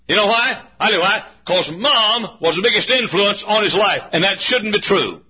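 A man preaching a sermon in a church, folksy and often shouting, laughing along as he goes. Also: sits high, animated, normal speed, few pauses, breathy edge, highs cut off. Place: church auditorium.

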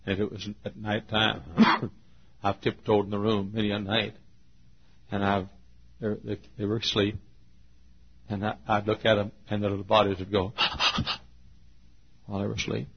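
An older man preaching a sermon in a folksy way, laughing often and shouting for emphasis. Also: fairly low pitch, flat delivery, moderate pace, creaky, pauses often, husky. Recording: muffled old sermon tape.

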